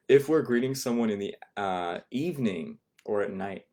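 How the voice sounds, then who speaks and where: A man teaching a beginner Japanese class over a live stream, patiently repeating words and modeling pronunciation slowly. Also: on the low side, dark tone. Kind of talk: online language lesson.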